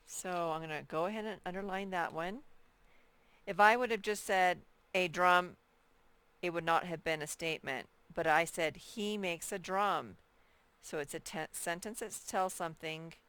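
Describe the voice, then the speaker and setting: A woman teaching a first-grade workbook lesson in a slow, patient way, repeating key points and reading example sentences aloud very slowly. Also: lowish voice, a bit bright, smooth. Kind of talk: recorded workbook lesson for children.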